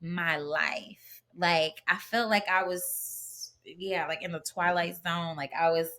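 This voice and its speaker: Bright-voiced chatty woman. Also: fairly low pitch, slow pace. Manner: chatty and animated, with many fillers and restarts. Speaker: podcast guest. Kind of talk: casual conversational storytelling.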